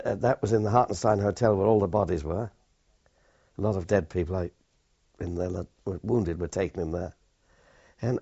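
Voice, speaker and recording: An older veteran tells his memories in plain, halting phrases that often restart. His voice sits low and sounds husky. The recording is dull and muffled. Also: warm tone. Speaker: war veteran. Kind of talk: oral history recollection.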